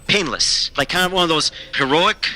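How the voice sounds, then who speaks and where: Man voicing a young male comedian caller, clueless, stammering, rambling, very bright sharp tone, audio drama. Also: a little high, moderate pace, rough recording. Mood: pleading.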